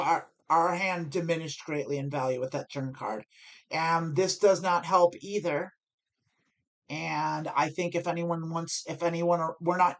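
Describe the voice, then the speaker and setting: American woman explaining poker moves. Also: deep voice. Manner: thinking aloud, self-correcting. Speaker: poker streamer. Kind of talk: live-stream strategy commentary.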